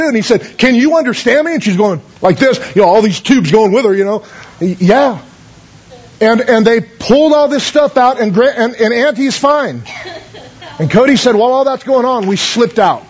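A man's voice: very high voice, breathy edge, dull audio. A man pastor telling stories in a sermon, folksy, with many fillers and calls of amen. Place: church.

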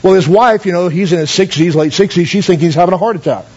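A man's voice: sits high, fast talker, a little mellow, slightly rough, muffled recording. A man pastor telling stories in a sermon, folksy, with many fillers and calls of amen. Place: church.

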